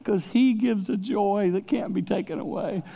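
A middle-aged traveling preacher with a high, husky voice and vocal fry speaks at normal speed, delivering a sermon to a youth congregation. Candid and confessional, he tells stories with animation. The recording sounds muffled.

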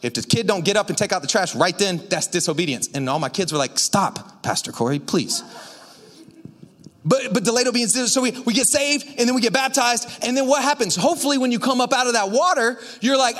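A male pastor preaching a casual sermon, energetic and chatty with lots of asides to the congregation. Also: extremely high pitch.

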